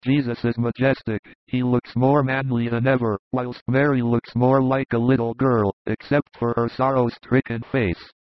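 A man narrating a devotional vision as an audiobook, in an even, solemn, unhurried manner. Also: mid-range voice, dry recording. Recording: dull dry close recording.

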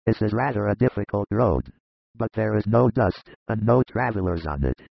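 A man reading a gravelly fatherly old disciple. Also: fairly low pitch, moderate pace, no echo, lo-fi sound, full character voice. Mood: earnest. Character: older male disciple, fatherly and earnest. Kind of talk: audiobook dramatized reading.

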